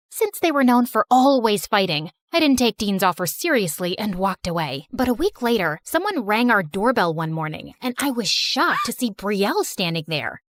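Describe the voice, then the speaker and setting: A woman voicing a sarcastic, chatty teenage girl who narrates her own animated story. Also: a little high, no room sound.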